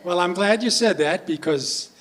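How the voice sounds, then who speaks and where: A man's voice: high voice, normal speed, a bit bright, slight background noise. A male entertainer joking and chatting with a senior audience between sing-along songs at a live show. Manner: jokey, playful, chats with the audience. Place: performance room at a senior residence. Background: backing music.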